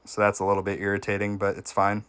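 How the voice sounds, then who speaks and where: A man streaming a game, giving casual gameplay commentary and chatting with viewers, with sudden excited reactions. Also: fairly low pitch, fast, clean tone.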